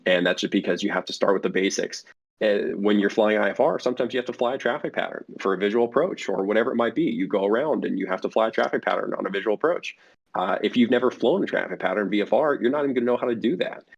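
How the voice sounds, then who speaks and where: A man's voice: fairly low pitch, quick pace, vocal fry. A man speaking as a guest for a flight sim network in a casual podcast interview, rambling with many fillers and restarts. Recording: dull lo-fi audio.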